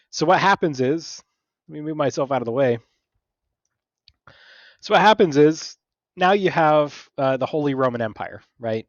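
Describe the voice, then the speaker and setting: A man teaching a casual history lesson, talking conversationally, acting out figures in quick asides, and often checking in with "right?". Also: fairly high pitch, animated, no echo, muffled recording.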